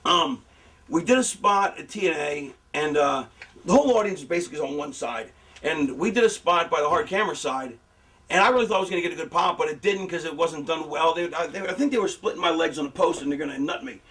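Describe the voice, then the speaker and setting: High-voiced middle-aged man, profane storyteller. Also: fast, distant mic. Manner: profane, animated, acts out quotes. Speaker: veteran wrestler explaining booking. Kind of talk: casual storytelling.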